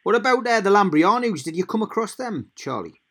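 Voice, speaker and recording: A man's voice: high voice, sing-song, fairly quick, a bit bright. A man interviewing a guest, asking short prompting questions. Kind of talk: casual interview.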